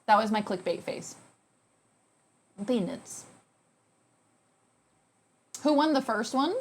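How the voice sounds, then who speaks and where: A woman's voice: a little high, lively intonation, measured pace, long pauses, slightly rough. A young woman streaming live, chatting casually and playfully with her viewers and thanking them by name.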